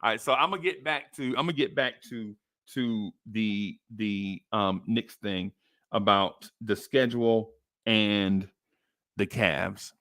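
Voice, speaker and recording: Animated New man telling a story. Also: slow, no room sound, studio quality. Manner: animated, acts out quoted voices with high pitch jumps. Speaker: podcast host. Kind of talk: casual storytelling.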